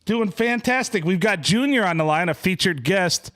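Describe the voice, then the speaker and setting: A man's voice: sits high, animated, moderate pace, a bit bright. A man hosting a casual remote podcast, joking and laughing often with his co-hosts. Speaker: podcast host. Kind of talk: casual podcast chat over remote call.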